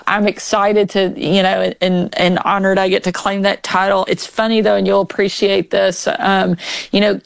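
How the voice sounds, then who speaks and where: A woman's voice: medium pitch, creaky, no room sound. A woman in her forties, a governor as an interview guest, telling family anecdotes casually. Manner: warm anecdotal storyteller, laughs often.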